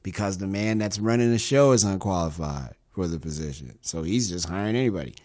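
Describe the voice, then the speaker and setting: A man's voice: deep voice, lively intonation, a little fast, a little mellow. A man hosting a radio show, reading news quotes and adding sarcastic, wry asides in a loose commentary style.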